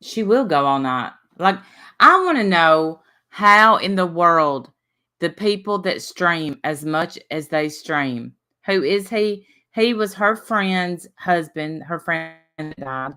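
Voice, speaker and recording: Casual woman livestream host, lowish voice, chatty and self-amused. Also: lively intonation, slow pace, bright, forceful tone. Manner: chatty, laughs at herself, reads viewer names aloud.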